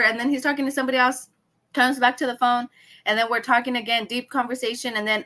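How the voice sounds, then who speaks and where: A woman's voice: fairly high pitch, level tone, fast talker, pushed and bright. A woman guest in a casual podcast chat, talking in a reflective, hesitant way with many fillers.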